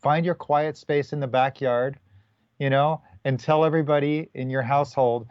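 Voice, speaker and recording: A man's voice: medium pitch, moderate pace, clean tone, no room sound. Male guest teacher, loose and encouraging, muffled dry call audio. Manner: relaxed, rambling, encouraging. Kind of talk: casual spiritual talk.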